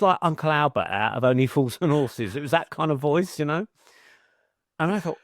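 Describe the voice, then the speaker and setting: A man's voice: on the high side, sing-song, brisk, creaky, a bit bright, dry recording, clean studio sound. A middle-aged man, a podcast guest telling chatty anecdotes and acting out quoted voices. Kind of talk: casual storytelling.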